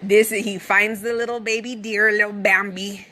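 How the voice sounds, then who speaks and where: A woman's voice: mid-range voice, flat delivery, moderate pace, pushed and bright. Chatty woman podcaster retelling a movie. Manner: chatty, swears freely, retells a movie scene by scene. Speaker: podcast host. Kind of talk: casual podcast storytelling.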